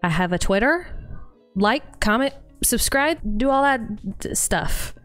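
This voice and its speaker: A woman's voice: fairly high pitch, expressive, slow pace, a bit bright, dry recording, faint music behind. A woman hosting a gaming video, talking through her play in a chatty, self-mocking way. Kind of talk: casual gameplay commentary.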